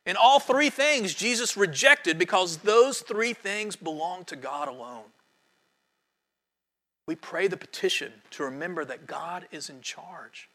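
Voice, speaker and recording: A male pastor preaching a sermon, animated, sometimes dropping to a soft near-whisper for emphasis. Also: high-pitched.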